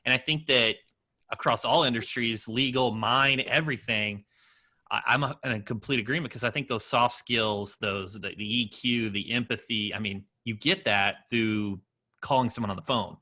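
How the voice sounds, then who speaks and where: A man's voice: medium pitch, normal speed, pushed and bright. A man hosting an interview podcast, agreeable and repeating words as he starts his sentences. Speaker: podcast host. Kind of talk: casual interview talk.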